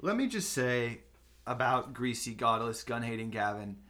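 Young guy running a jokey podcast, deadpan over-the-top rants. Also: mid-range voice, normal speed. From Los Angeles. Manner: mock-pompous, deadpan rants. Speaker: podcast host. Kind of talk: comedic podcast banter.

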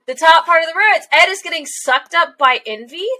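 A woman's voice: very high-pitched, a little fast, pushed and bright, rough recording. A young woman co-hosting a casual podcast chat, rambling with lots of fillers and giggles. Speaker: podcast co-host. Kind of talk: casual chat recapping an anime episode.

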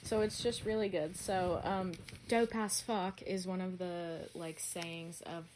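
A young woman with a somewhat low voice rambles through loose, filler-heavy podcast chat in a joking way. A faint hiss of noise sits under her voice. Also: steady tone, unhurried, darkish tone. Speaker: podcast co-host. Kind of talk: casual chat.

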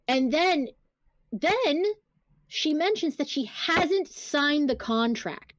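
A woman co-hosts a casual podcast, reading book excerpts aloud while speaking bluntly and cursing freely. Her high voice is expressive and slow-paced, with no room sound on the recording.

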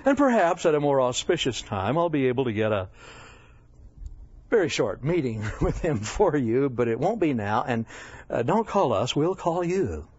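A man voicing an officious, self-important male apostle who brushes people off in a brisk, condescending way. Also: mid-range voice, big pitch swings, a little mellow, husky, no room sound. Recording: dull lo-fi dry recording.

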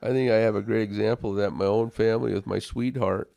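A man with a low, gravelly voice tells a personal story earnestly, often restarting his sentences. The sound is dry and close. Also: fairly even intonation, fast, mellow, no echo. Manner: storytelling, earnest, repeats words when starting sentences. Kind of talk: casual faith discussion.

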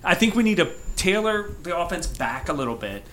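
A man co-hosting a casual sports podcast, laying out firm opinions and agreeing in quick bursts. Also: sits high, very animated, fairly bright tone. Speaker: podcast co-host.

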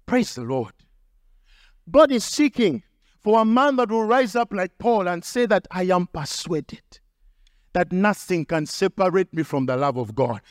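High-voiced preaching pastor, dry sound. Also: male voice, very animated, moderate pace, dry recording. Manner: emphatic preaching with repetition and acted quotes. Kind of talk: sermon.

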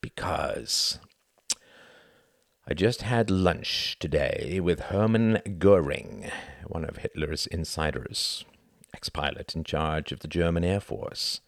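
A man voicing a contemptuous British official who shouts and curses, in an audiobook reading. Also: deep voice, vocal fry, dry recording, clean studio sound, pitched below the performer's own voice, heavily acted. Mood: grim. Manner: shouting, cursing, drawn-out.

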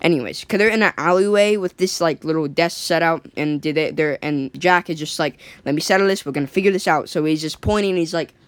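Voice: mid-range voice, brisk, few pauses, a bit bright, no room sound. Casual plot recap by an eager, rambling storyteller who acts out every character's line. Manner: rambling, lots of "like" and restarts, acts out quoted lines. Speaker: storyteller retelling a cartoon episode. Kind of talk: casual excited retelling.

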